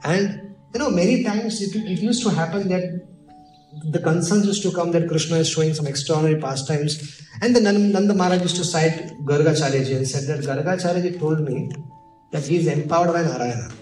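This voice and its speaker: Man, preacher, animated storytelling sermon, high voice, echoey hall, distant mic, faint music. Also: fairly quick. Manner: animated, switching into Hindi and acted voices.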